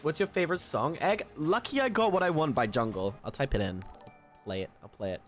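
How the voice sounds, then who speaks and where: A man's voice: on the high side, lively intonation, a little fast, fairly bright tone. A man with a British accent chatting casually with his live-stream viewers in a playful, teasing way, swearing and laughing often. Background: faint lo-fi music.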